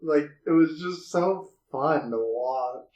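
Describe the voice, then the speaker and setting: A man's voice: on the high side, slow pace, darkish tone, lo-fi sound. A man co-hosting a casual movie review podcast, rambling with lots of fillers as he retells scenes. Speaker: podcast co-host. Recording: echoey room.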